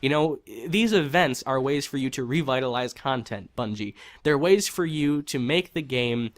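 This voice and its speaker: A man's voice: mid-range voice, normal speed. A man giving a heated, frustrated opinion rant on a video game, swearing and repeating himself for emphasis. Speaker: gaming commentator.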